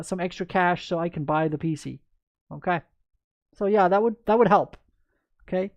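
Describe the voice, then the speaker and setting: A woman's voice: medium pitch, no echo, clean studio sound. A woman chess coach in a livestreamed lesson, chatty and upbeat, answering viewers by name as she goes through moves.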